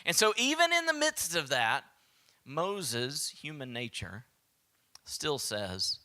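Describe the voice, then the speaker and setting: Speaking slowly in a fairly high voice, a man with a Southern American accent preaches as pastor, animated as he performs quoted voices. Now and then his delivery falls to a hushed whisper.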